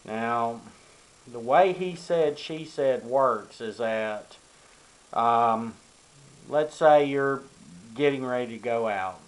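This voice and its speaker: An older man from Arkansas, USA, vlogs to camera, offering young men casual, rambling advice packed with ums and you-knows. His mid-range voice moves slowly, and the recording quality is low.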